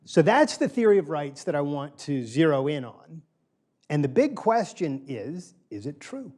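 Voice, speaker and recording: A man's voice: fairly high pitch, big pitch swings, measured pace, darkish tone. A middle-aged man giving an informal lecture to a small live group in a room, talking casually, polling the audience and repeating key phrases for emphasis. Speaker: guest lecturer.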